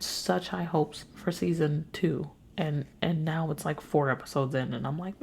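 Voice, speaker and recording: A woman's voice: low voice, fairly even intonation, fairly quick, gravelly, few pauses, mellow, slightly rough. A young woman hosting a solo podcast, sick and worn out, talking frankly and with plenty of swearing. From New York. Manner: weary, frank and profane. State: sick, congested. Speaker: podcast host. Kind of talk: casual solo podcast venting.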